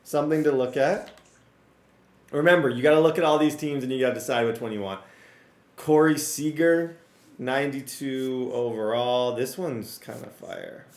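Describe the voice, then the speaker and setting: Excitable male game commentator with a strained, cracking voice and mid pitch; roomy sound. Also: normal speed. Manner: excitable, talks to viewers, rattles off player names. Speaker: gaming YouTuber. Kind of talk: casual gameplay commentary.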